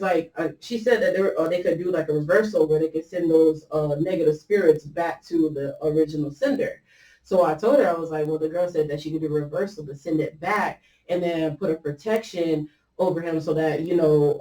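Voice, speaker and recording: A woman whose mellow voice sits low hosts a podcast, casually rambling through a personal story. As she quotes what others said, she uses lots of fillers and restarts, and the distant mic picks up a roomy echo.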